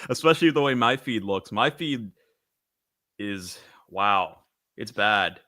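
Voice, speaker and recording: A young man co-hosting a comedy podcast, offhand and quick to laugh. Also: fairly low pitch, expressive, bright, forceful tone. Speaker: podcast co-host. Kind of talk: casual comedy chat.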